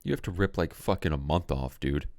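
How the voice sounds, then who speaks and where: A man's voice: a bass voice, fairly quick, a little mellow. A man co-hosting a podcast, chatting bluntly and casually, with a lot of swearing. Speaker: podcast co-host. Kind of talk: casual chat.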